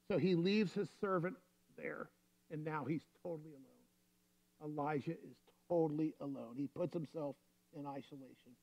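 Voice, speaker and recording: Male pastor, fairly high voice, easygoing storytelling sermon, dull lo-fi recording. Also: normal speed, mellow. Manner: storytelling, conversational preaching.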